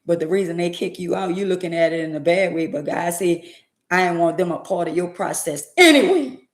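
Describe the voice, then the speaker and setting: A woman's voice: on the low side, a little fast. Emphatic preachy woman, roomy echo. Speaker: vlogger. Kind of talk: faith-based motivational monologue.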